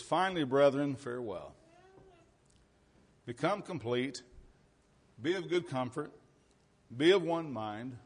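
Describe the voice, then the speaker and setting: Folksy male preacher teaching a congregation. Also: mid-range voice. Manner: conversational, folksy asides with the congregation; reads scripture aloud with rising emphasis. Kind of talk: sermon.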